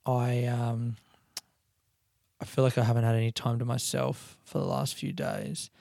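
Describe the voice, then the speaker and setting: A man hosting his own podcast, talking softly and quietly in his house late at night, rambling casually through stories. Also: medium pitch, flat delivery, a little slow, gravelly, dry recording, clean studio sound. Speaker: comedian podcast host. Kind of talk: casual solo podcast chat.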